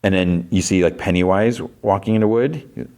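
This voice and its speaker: Podcast host, deep-voiced man, chatty recap style with filler words. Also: moderate pace, a little mellow. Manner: chatty, many fillers, briefly acts out quoted lines. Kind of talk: casual episode recap.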